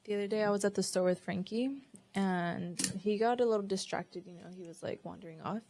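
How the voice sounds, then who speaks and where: A woman's voice: medium pitch, steady tone, fairly quick, warm tone, a little hiss or hum. A woman co-hosting a podcast, chatting casually, laughing often and hedging with many fillers. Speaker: podcast co-host. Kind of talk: casual chat.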